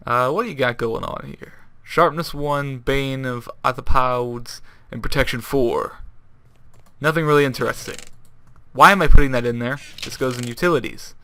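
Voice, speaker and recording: A man's voice: mid-range voice, moderate pace, sharp tone, clean tone. A young man giving casual commentary while playing a video game, rambling and correcting himself in an upbeat way. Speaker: Minecraft YouTuber.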